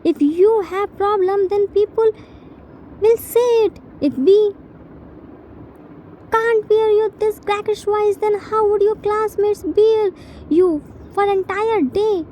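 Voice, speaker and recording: An irritated young man snaps out sharp complaints with a cutting edge, voiced by a woman reading a fan story. The voice is very high but mellow in tone, with faint noise behind it. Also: fairly even intonation, takes it slowly, low-quality recording. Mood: exasperated. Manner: exasperated, sharp lecturing.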